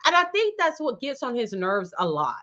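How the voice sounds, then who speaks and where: A woman with a somewhat high voice joins a casual podcast chat as a guest. She speaks bluntly and swears freely as she gives her opinions. Her sound is a little dull and lo-fi. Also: wildly swooping pitch, normal speed, bright, forceful tone. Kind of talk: casual chat about a reality show.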